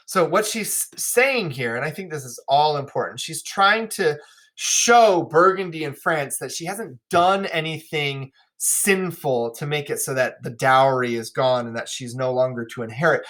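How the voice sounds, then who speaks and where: A man's voice: medium pitch, fairly bright tone. A male teacher casually explaining a play to his class, chatty, with frequent "right?" asides.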